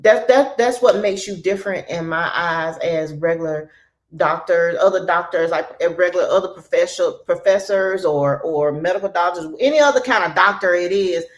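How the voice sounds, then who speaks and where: Earnest woman host with a lower voice. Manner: earnest, grateful, emotional. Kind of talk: emotional conversational interview.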